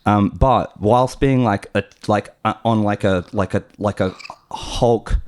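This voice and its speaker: A man's voice: fairly low pitch, measured pace. An Australian man from Brisbane, a musician guest telling rambling stories in casual chat, full of fillers and restarts.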